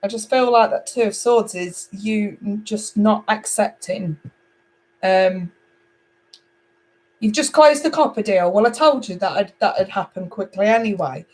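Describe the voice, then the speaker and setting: A middle-aged woman from England reading tarot cards live, chatty and animated as she talks to viewers. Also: mid-range voice, unhurried, low-quality recording. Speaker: tarot reader.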